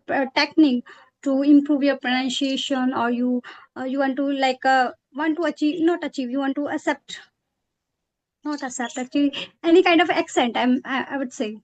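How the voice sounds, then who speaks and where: A woman's voice: high voice, no room sound. A woman, chatting in a practice conversation and hesitating often with fillers and self-corrections. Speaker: English practice partner.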